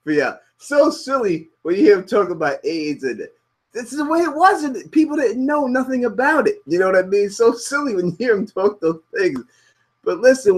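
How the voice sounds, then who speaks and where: Male channel host, husky, higher pitch, very lively, casual commentary, laughing often. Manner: laughing, loose, excitable reacting.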